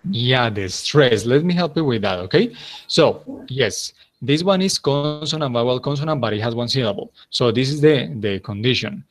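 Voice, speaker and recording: A male English teacher with a Colombian accent, speaking at a mid pitch. He is patient and encouraging, and walks students through corrections step by step. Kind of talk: online class teaching.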